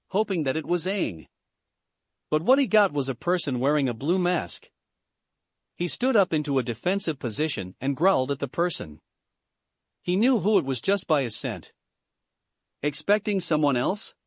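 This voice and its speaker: Lively-pitched male story narrator. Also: normal speed, no echo. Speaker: fan fiction narrator. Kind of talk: scripted narration.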